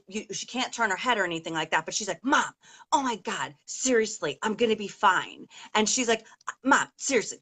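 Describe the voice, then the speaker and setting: On a casual call with a guest she is interviewing, a middle-aged woman whose daughter was injured shares a long personal story. Her medium-pitched voice sounds pushed and bright, and she rambles emotionally with plenty of fillers.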